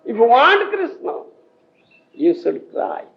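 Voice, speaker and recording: This Odia-accented Indian man, a spiritual teacher, gives a scriptural talk to devotees, captured on dull lo-fi 1980s tape. His gravelly voice is extremely high with huge pitch swings, and he takes his time. Emphatic and frequently laughing, he keeps checking whether listeners understand.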